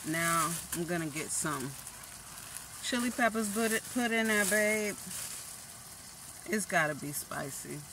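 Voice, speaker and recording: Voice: mid-range voice, expressive, unhurried, pauses often. A cooking vlogger chatting casually and playfully at home while cooking, teasing themself along the way. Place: home kitchen. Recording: noisy kitchen with frying sizzle. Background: sizzling pan and stirring.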